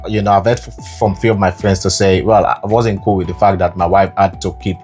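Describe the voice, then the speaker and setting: A man from Nigeria co-hosting a casual chat with his wife, speaking in a measured way, affirming her points and prompting her with questions. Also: deep voice, steady tone, a little mellow, soft background music. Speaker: co-host.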